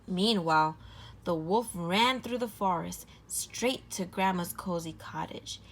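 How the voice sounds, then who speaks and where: A woman reading a children's storybook aloud, clear, gentle and even. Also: fairly low pitch, takes it slowly. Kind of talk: read-aloud storybook narration.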